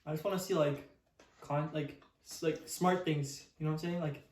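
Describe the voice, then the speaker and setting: A man's voice: a little high, fairly even intonation, darkish tone, reverberant. A young man co-hosting a podcast, chatting casually and rambling with lots of fillers. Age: young adult. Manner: quick, rambling, many fillers. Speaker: podcast co-host. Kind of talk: casual chat.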